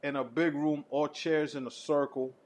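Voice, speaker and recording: Animated, profane New storyteller. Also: male voice, a little high, normal speed. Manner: animated, profane, laughs often. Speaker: podcast co-host. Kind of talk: casual storytelling.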